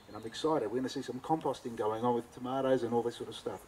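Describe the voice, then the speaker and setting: Aussie bloke, cooking teacher, telling a yarn at a talk, mid pitch, acts out the back-and-forth lively. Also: male voice, very fast, hardly any pauses, slight background noise, poor audio. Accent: Australian. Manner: animated, acts out both sides of dialogue. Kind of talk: anecdotal storytelling talk.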